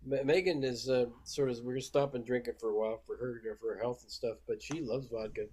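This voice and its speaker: A man speaking in a middling register with a faintly husky edge, chatting over a video call. He mostly listens and chimes in with short, encouraging replies, now and then adding a few quiet thoughts of his own. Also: mid-range voice, steady tone, fairly quick. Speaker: mentee, listener. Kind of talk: casual chat.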